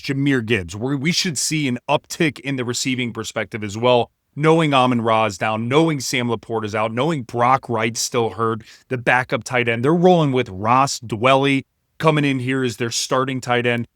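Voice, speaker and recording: A man co-hosting a sports podcast who gives emphatic, steady analysis and keeps calling the listeners guys. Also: mid-range voice, normal speed, dry recording, studio quality. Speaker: podcast co-host.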